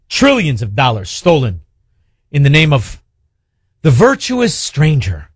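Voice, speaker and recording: A man's voice: a little high, wildly swooping pitch, measured pace, long pauses, breathy edge, no echo, clean studio sound. A man hosting a call-in talk show, blunt and heated as he rants. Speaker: radio talk show host.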